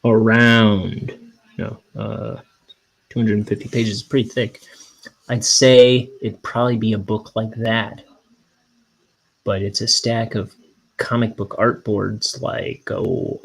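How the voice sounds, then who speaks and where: Young guy rambling about his art supplies, slow and gravelly, dry little jokes. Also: fairly low pitch. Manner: meandering, self-deprecating, deadpan jokes. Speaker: cartoonist inking his graphic novel. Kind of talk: casual rambling studio vlog.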